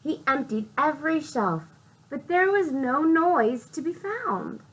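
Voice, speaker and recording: A woman librarian reading a picture book aloud to young children, speaking slowly and expressively, asking the children questions and whispering for suspense. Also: sits high, sing-song, poor audio.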